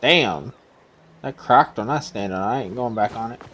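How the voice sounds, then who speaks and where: A man's voice: lowish voice, normal speed, fairly bright tone, a little hiss or hum. A man hosting a gaming channel, giving casual, offhand commentary and muttering asides to himself as he plays.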